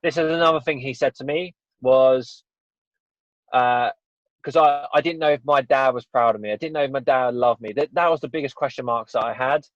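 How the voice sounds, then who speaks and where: He is an Englishman telling a personal story as a podcast guest, earnest and rambling, with "you know" and "right?" coming up often in the casual interview. His mid-range voice runs a little fast, and the dull, dry audio has no room sound.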